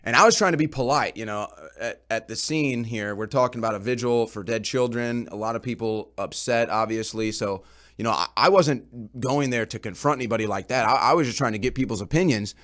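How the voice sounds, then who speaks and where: A man's voice: medium pitch, a little fast, a bit bright. A man reporting on a talk show, casually recounting events in a rambling way and often repeating his words.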